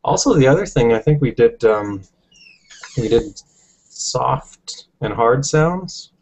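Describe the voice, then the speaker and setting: A man teaching a language lesson, explaining patiently step by step, often pausing with ums. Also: medium pitch, expressive, darkish tone, rough recording.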